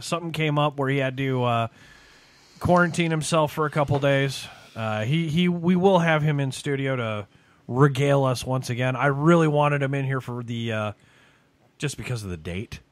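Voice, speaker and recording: A man's voice: mid-range voice, moderate pace, no room sound. A man hosting a casual podcast, joking around and laughing often. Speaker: podcast host. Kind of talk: casual banter.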